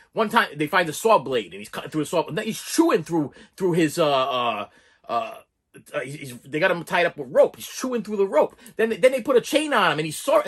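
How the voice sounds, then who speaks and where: A man's voice: high-pitched, slightly rough. A man reviewing a movie in a casual, exasperated rant, full of repeats and restarts. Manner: animated, exasperated, repeats himself.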